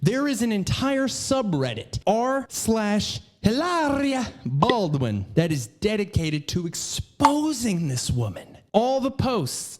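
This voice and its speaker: Brief: young male podcast host, profane rant, high pitched, animated. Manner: profane, ranting, scattered. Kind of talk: casual ranting commentary.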